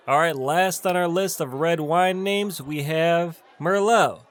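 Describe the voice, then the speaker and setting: A young adult man teaching a bartending lesson, slowly and deliberately over-enunciating each name and repeating it. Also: a little high, a bit bright. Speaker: bartending instructor. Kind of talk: tutorial, pronunciation drill.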